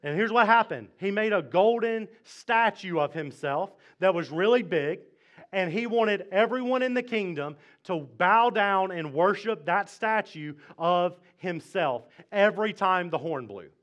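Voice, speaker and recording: A man's voice: high-pitched, lively intonation, unhurried, a bit bright, highs cut off. A male pastor from Mississippi, retelling a scripture story in a casual, joking sermon. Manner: conversational, jokey, retells scripture in slang.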